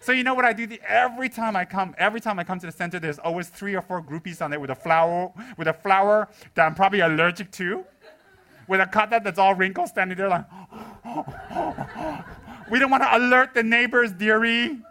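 A high-pitched man with a bright, ringing tone teaches his students with humor. He laughs often and slips into squeaky impressions of people. His delivery is lively and animated. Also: fast talker. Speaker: Buddhist teacher.

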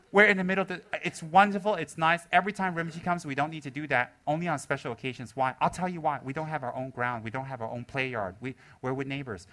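A man, a Buddhist teacher, giving a humorous talk to his students, laughing often and mimicking people in squeaky voices. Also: bright, forceful tone.

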